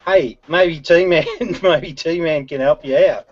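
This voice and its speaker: A man's voice: a little high, slow pace. A man, hosting casual banter on a video call, teasing and laughing often. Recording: dull lo-fi video call audio.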